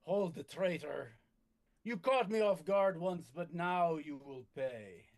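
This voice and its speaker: A man's voice: fairly high pitch, expressive, slow pace, a little mellow. A man voicing a stern, imperious wounded lord in a tabletop game, formal and commanding.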